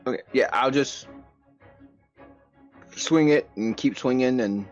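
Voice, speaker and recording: A man playing a tabletop game, eager and questioning, with bursts of in-character shouting. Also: mid-range voice, slow pace, faint music behind. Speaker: player. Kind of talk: casual tabletop play. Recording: dull lo-fi sound.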